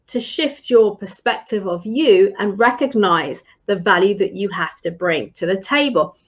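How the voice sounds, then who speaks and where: A woman's voice: mid-range voice, dull audio. Encouraging woman coaching on a live stream. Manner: encouraging, conversational, restarts phrases. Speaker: leadership and career coach.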